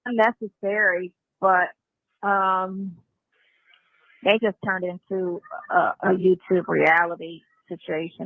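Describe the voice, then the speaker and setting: A woman's voice: fairly low pitch, little pitch movement, slow pace, gravelly, no echo. A woman chatting casually on a phone call into a livestream, rambling and swearing freely. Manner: rambling, acts out other voices, swears freely. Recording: tinny phone line, dry.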